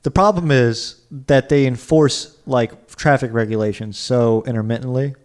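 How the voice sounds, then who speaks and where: A man speaking at normal speed in a mid-range voice co-hosts a car podcast, keeping things loose and casual. His talk wanders, loaded with fillers and lots of "like", and he puts on goofy accents.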